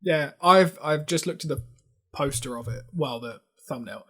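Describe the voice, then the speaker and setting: A man's voice: fairly high pitch, normal speed, a bit bright, husky. A man co-hosting a casual chat, giggling often, swearing freely and mock-ranting for laughs. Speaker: podcast co-host.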